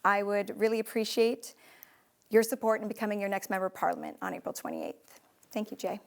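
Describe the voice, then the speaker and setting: A woman candidate in a television studio giving an earnest, slightly halting campaign closing statement. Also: mid-range voice, gravelly. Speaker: election candidate.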